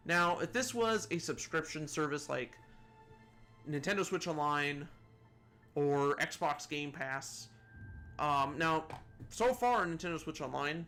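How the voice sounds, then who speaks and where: A man's voice: on the high side, pushed and bright. Rambling man chatting about games. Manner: rambling, many restarts and asides, chuckles at own jokes. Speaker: gaming video host. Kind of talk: rambling casual commentary.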